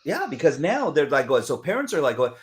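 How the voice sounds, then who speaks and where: A middle-aged man with a lively, swooping pitch, chatting as a guest. He tells stories with energy and slips into other people's voices as he goes. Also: brisk, over a noisy crowd. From Southern California. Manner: animated storyteller who acts out others in voices. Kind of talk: casual conversation.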